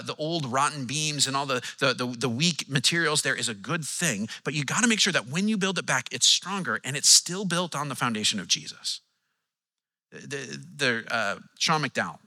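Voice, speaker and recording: A man preaching a sermon as pastor, animated and acting out the quotes he tells with changing tones. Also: mid-range voice. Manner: animated, acts out quotes with shifting tone.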